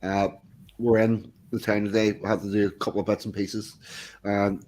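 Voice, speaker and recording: Laid-back male streamer, lower voice, hesitant casual talk. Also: normal speed, a little hiss or hum. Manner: relaxed, hesitant, many uhs. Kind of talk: casual chat.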